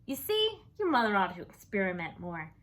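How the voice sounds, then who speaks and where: A woman's voice: medium pitch, huge pitch swings, normal speed, a bit bright. A woman voicing a proud, bumbling father in a storybook reading, hearty and coaxing.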